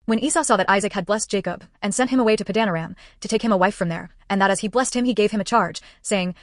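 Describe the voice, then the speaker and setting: A woman narrating a Bible passage in a steady, even reading cadence. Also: medium pitch, quick pace, hardly any pauses, no room sound, clean studio sound. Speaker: Bible reader.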